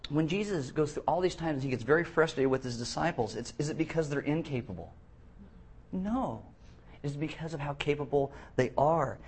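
A man preaching a sermon, animated, reading scripture aloud with emphasis and acting out the quotes. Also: medium pitch, slightly rough.

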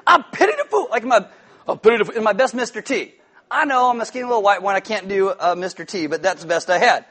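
A man preaching a sermon, telling a childhood story with lively quoted voices and asides. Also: sits high. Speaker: pastor.

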